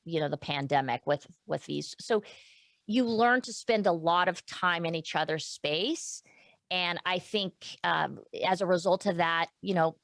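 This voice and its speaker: A woman's voice: on the low side, fairly bright tone, no room sound. A middle-aged woman guest speaking candidly and emotionally in a casual interview, with many restarts and fillers. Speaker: podcast guest.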